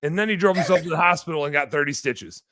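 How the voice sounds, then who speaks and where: A young man telling a story on a podcast in a casual, animated way, swearing freely and acting out quotes. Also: on the high side, quick pace, noisy background. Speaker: podcast guest.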